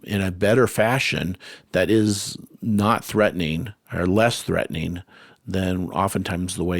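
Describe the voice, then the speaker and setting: A deep-voiced man hosting a relaxed conversation. He rambles, restarts his sentences and leans on fillers. The sound is dry and close, with no room around it. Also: no echo. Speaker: host. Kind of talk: casual conversation.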